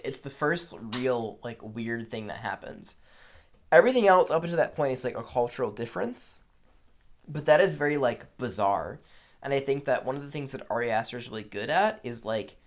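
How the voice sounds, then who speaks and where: A young man co-hosting a casual film review, summarizing the plot in quick, joking quoted bits. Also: medium pitch, animated.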